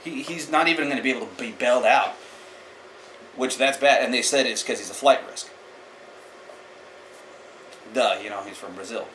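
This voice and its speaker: A man's voice: mid-range voice, moderate pace, long pauses, a bit bright, a little hiss or hum, rough recording. A man hosting a martial arts chat channel, giving blunt, opinionated casual commentary straight to the viewer.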